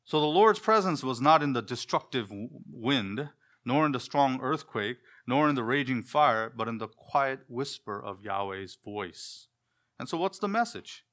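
A man preaching an expository sermon, asking the listeners questions and answering them himself, often trailing off softer at the ends of phrases. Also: mid-range voice, animated, measured pace.

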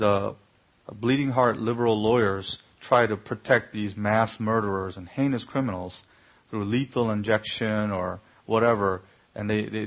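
A male pastor preaching a sermon in a gravelly, husky voice. He asks the congregation pointed rhetorical questions and pushes hard on key words. The recording is dull and lo-fi. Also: lowish voice.

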